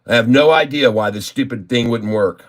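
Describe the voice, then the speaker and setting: A man's voice: medium pitch, a little fast. Grumbling man cursing at his trades. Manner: grumbling, cursing, exasperated muttering. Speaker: day trader vlogger. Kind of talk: casual live trading commentary.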